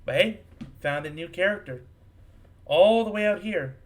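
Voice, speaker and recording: A man streaming a video game, thinking out loud in a chatty, self-mocking way. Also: high voice, expressive, normal speed. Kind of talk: casual let's-play commentary. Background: game music.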